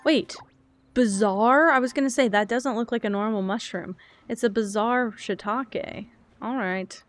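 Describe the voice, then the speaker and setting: A woman's voice: fairly high pitch, measured pace. A young woman chatting casually while streaming a cozy game, rambling, thinking aloud and answering chat.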